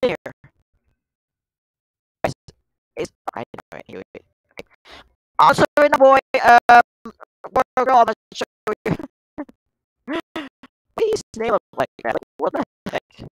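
Excitable woman yelling at a game. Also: a little high, unhurried, long pauses, no room sound, rough recording. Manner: excitable, yelps and exclaims at the game, lots of slang. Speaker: gameplay streamer. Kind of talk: casual gameplay commentary.

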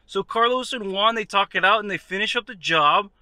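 A man spins a comic story straight to the listener, talking in a lively, conversational way. His voice sits high and bright, swooping up and down constantly, and the recording is close and dry. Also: fairly quick, dry recording. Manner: animated, conversational, addresses the viewer directly. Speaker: comedian. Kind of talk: comedic storytelling monologue.

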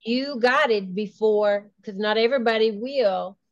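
A woman's voice: fairly high pitch, measured pace, no room sound. A woman guest in a casual interview, talking enthusiastically, laughing often and restarting her sentences. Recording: dull lo-fi dry sound.

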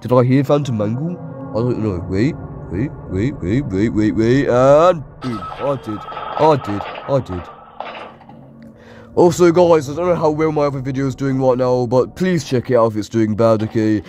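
A man's voice: mid-range voice, normal speed. Jumpy man playing a horror game. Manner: jumpy, shrieks at scares, taunts the enemies. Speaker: gaming YouTuber. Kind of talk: let's play commentary.

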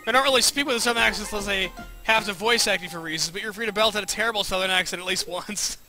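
A man streaming a video game live, chatting playfully with his viewers and reacting loudly to the game. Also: high voice, rapid-fire, faint music behind. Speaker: gaming livestreamer. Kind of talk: casual livestream commentary.

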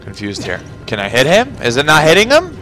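A man talks over his gameplay in a loose, profane running commentary, his pitch bouncing a lot as he mutters and mocks the game. Game music plays clearly behind his voice. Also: wildly swooping pitch, fairly quick, sharp tone. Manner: swearing, sarcastic, muttering to himself. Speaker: gamer. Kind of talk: profane let's play commentary.

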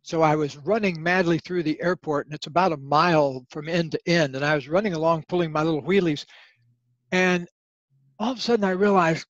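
A man's voice: fairly high pitch, fairly quick, no room sound, muffled recording. An older man, a guest author, telling stories in a podcast interview and acting out the voices in his anecdotes. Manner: animated storyteller, acts out voices in anecdotes.

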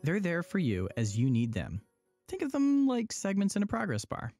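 A man's voice: high-pitched, wildly swooping pitch, normal speed, dark tone, soft background music. A man explaining a church plan in a scripted, upbeat, persuasive dialogue. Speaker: church promo presenter.

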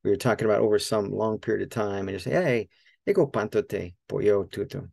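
A man giving a casual spoken Greek lesson, thinking aloud with many fillers and repeating Greek words slowly as he models them. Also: lowish voice, gravelly, a little mellow, no echo. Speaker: Greek teacher.

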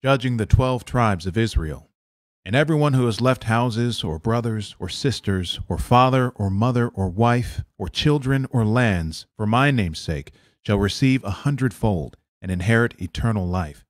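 Man reading bible verses, lowish voice, dry sound. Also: lively intonation, normal speed, dry recording. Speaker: scripture reader. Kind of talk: reading scripture aloud.

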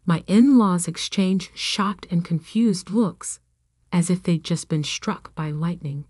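Calm, low-voiced woman storyteller. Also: takes it slowly, breathy edge, no room sound, studio quality. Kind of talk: scripted first-person narration.

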